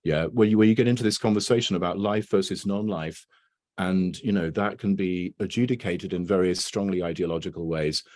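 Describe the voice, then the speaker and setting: A lecturer, his voice low-pitched and darkish, talks a little fast in a casual academic video call. His delivery rambles, studded with "right?" and "you know" after each point.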